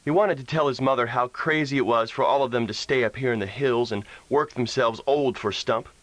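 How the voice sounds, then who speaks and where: A man narrating a western audiobook in an expressive storytelling manner, recorded on a close studio mic. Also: mid-range voice, a little fast, no echo, poor audio. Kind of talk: scripted narration.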